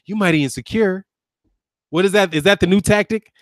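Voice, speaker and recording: Brisk and fairly bright, with a voice that sits high, a fifty-something lawyer running a boxing channel lashes out at viewers through sarcastic, combative name-calling. The clean studio audio carries no room sound.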